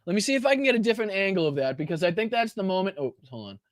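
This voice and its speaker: A man's voice: high-pitched, very animated, racing, no room sound, studio quality. Mocking, foul-mouthed man hosting a podcast. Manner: mocking, profane, laughs often. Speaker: podcast host. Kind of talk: casual political commentary.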